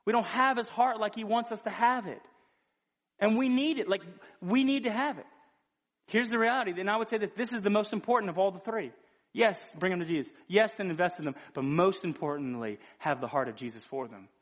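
High-voiced earnest male preacher. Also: a little fast. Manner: earnest, conversational preaching with frequent restarts. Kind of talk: sermon.

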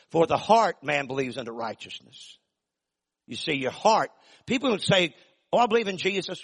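An older man preaching a sermon in a folksy, emphatic way, with sudden loud bursts and drawn-out phrases. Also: fairly high pitch. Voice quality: gravelly, husky. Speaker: pastor.

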